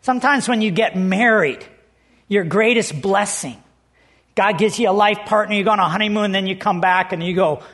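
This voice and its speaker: A man's voice: sits high, normal speed, a bit bright. A man preaching a sermon as pastor, telling stories in an earnest, conversational way.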